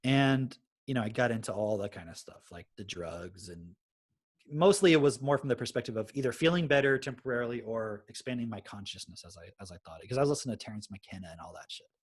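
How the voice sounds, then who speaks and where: A man's voice: medium pitch, fast, slightly rough. A man, a podcast host telling his story in casual chat and swearing freely. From Texas. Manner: swears freely, animated retelling.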